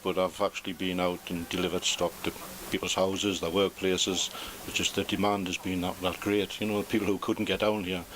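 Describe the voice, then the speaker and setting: A man's voice: low voice, flat delivery, moderate pace, few pauses, fairly bright tone, slight background noise. A man who runs a football club's merchandise shop, answering interview questions in a plain, matter-of-fact way. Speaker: football club shop manager. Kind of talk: casual interview.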